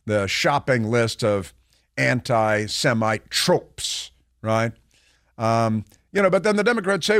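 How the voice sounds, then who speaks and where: A man's voice: medium pitch, a little slow, fairly bright tone, dry recording. Talk radio host, male, sarcastic and mocking, rambling delivery, dry close sound. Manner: sarcastic, mocking, puts on voices to ridicule; rambling with many fillers and restarts. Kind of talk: political talk radio monologue.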